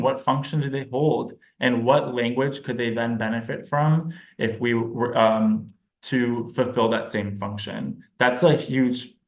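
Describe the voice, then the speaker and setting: A speech-language pathologist presenting to parents, this man speaks at a middle pitch and explains his subject in a relaxed, informal teaching style, now and then pausing to think aloud. The room is roomy, with noticeable echo.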